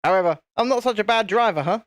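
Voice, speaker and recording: A man's voice: sits high, quick pace, fairly bright tone, no room sound, studio quality. Chatty British man hosting a live stream. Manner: chatty, self-deprecating, easily flustered. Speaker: channel host. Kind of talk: casual live-stream chat.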